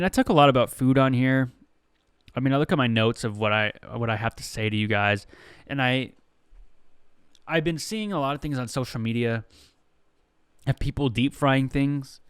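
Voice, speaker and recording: A man's voice: medium pitch, smooth, no room sound, clean studio sound. A man hosting a comedy podcast, telling stories in a rambling, profane, conversational way. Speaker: podcast host.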